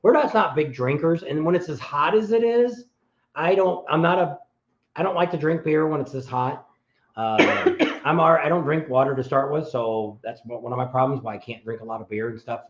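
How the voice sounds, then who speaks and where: A man's voice: fairly high pitch, normal speed. Rambling middle-aged man in a roomy room. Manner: rambling, restarts often. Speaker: co-host of a motorcycle travel channel. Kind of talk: casual live-stream chat. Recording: roomy, dull lo-fi sound.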